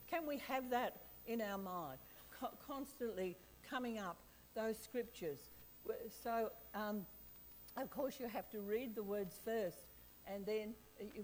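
Woman preacher, slightly high voice, lively, quizzes the congregation. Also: a little hiss or hum, rough recording. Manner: lively, questions the audience, laughs often. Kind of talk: sermon.

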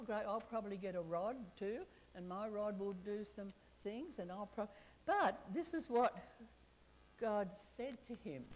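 A woman preaching a sermon, lively and chatty, often asking the audience questions and laughing. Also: on the high side, a little hiss or hum, rough recording.

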